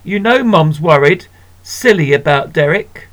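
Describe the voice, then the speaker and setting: A man voicing a scornful, sharp-tongued older sister in a storybook reading. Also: a little high, expressive, a little slow. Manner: sneering, cutting.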